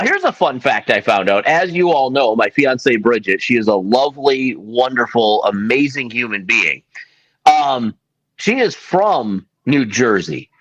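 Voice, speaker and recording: A man's voice: medium pitch, a bit bright. A man hosting a casual sports podcast, playful, reading out viewer comments. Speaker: podcast host. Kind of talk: casual chat.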